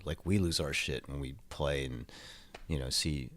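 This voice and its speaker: A man's voice: extremely low pitch, moderate pace, a bit bright. A man talking casually as a guest in an interview, laid-back and swearing freely, repeating his words as he goes. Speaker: touring drummer guest. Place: hotel room.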